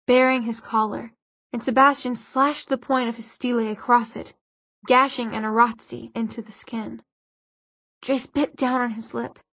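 A woman narrating a novel as an audiobook, reading in a steady, even storytelling manner. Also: a little high, dry recording. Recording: dull lo-fi audiobook recording.

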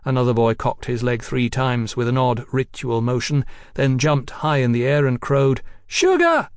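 Reading an audiobook, a man keeps a steady, even storytelling manner at medium pitch and normal speed. It's a studio-quality recording without echo.

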